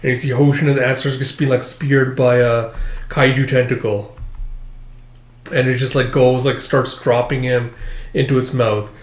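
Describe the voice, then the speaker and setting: A man's voice: mid-range voice, level tone, moderate pace. A man casually reading through a comic chapter, rambling and using lots of filler words. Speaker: manga chapter reviewer. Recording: echoey room.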